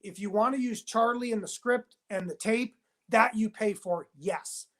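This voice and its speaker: A man speaking in a heated interview as a whistleblowing TV producer, emphatic and insistent, talking in rapid bursts and repeating himself. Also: high-pitched, a bit bright. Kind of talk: heated interview, phone-style conversation.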